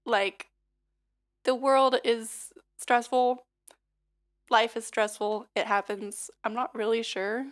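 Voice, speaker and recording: A hoarse woman singer and livestreamer chatting casually and leading a vocal warm-up, rambling with lots of fillers and little laughs. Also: a little high, little pitch movement, slow, pauses often. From United States.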